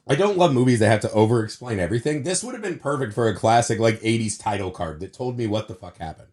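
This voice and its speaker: A man's voice: mid-range voice, expressive, fast, darkish tone. A man co-hosting a podcast, ranting about a movie in casual, profane chat and sore from surgery wounds. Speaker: podcast co-host.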